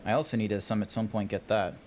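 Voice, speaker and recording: A man's voice: lowish voice, steady tone, fast talker, a little hiss or hum. A young Australian man chatting casually on a gaming stream, playful and rambling, swearing now and then.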